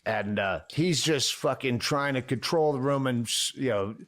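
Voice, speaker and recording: A man's voice: mid-range voice, normal speed, a bit bright. A man telling a profane story from his own podcast, breaking into screamed impressions. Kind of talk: storytelling clip from another podcast.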